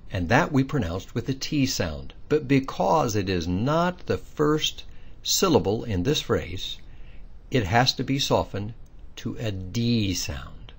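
A man's voice: mid-range voice, breathy edge. A man teaching pronunciation step by step, in a patient, explaining way with little quiz questions. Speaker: language teacher. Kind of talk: recorded pronunciation lesson.

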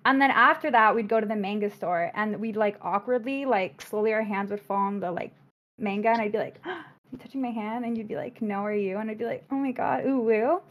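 A young woman contestant chatting on a video call, talkative and rambling, excitable. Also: mid-range voice, a little fast. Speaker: dating show contestant. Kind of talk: casual livestream chat. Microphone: video call microphone.

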